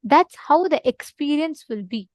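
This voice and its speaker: A woman's voice: high-pitched, lively intonation, a little slow, dry recording, lo-fi sound. A woman giving an earnest, repetitive spiritual talk to an online audience and prompting her listeners to respond. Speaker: spiritual teacher in an online session.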